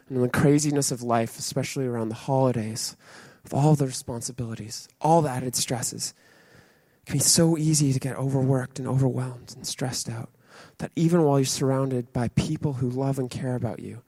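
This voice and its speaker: A man's voice: a little high, lively intonation, moderate pace, dry recording. A young man preaching a sermon, dramatic, acting out voices and dropping to a near whisper.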